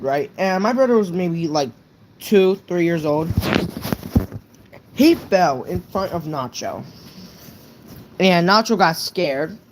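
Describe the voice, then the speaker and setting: A young man with a high-pitched voice casually tells a true story on a live stream. He rambles and swears, filling his speech with lots of "right?"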